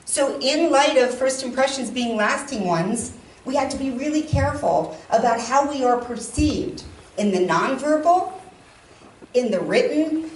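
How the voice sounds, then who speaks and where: A woman delivers a talk on stage in a large hall. She is heard from some distance, with roomy reverb and a faint hum of ambience behind her. She tells her points like stories and acts out the quoted lines with emphasis. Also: a little high. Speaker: speaker. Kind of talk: public talk.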